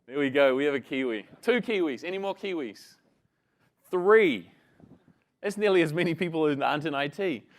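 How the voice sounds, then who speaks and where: A man's voice: on the high side, lively intonation, moderate pace. Chatty male conference presenter. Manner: casual, chatty, engages the audience. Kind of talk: conference talk with storytelling.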